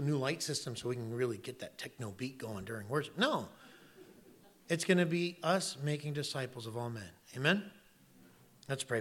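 A man preaching a sermon as pastor, moving between loud emphatic exclamations and quiet, earnest passages. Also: fairly high pitch.

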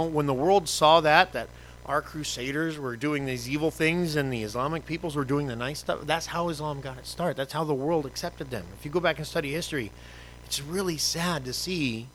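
Brief: male pastor, conversational sermon, rhetorical questions, slightly high and bright, faint hum behind. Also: low-quality recording.

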